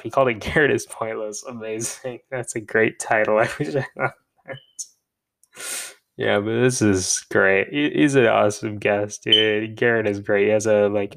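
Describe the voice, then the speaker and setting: Gravelly young man rambling casually. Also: on the low side, a bit bright. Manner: rambling, self-deprecating, laughs at himself. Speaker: podcast co-host. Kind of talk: rambling solo podcast chat.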